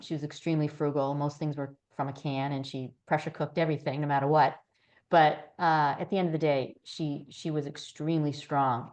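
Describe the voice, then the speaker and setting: A woman with a notably low voice, talking earnestly as a podcast guest. She shares personal anecdotes in a relaxed, conversational way. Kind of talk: casual interview chat.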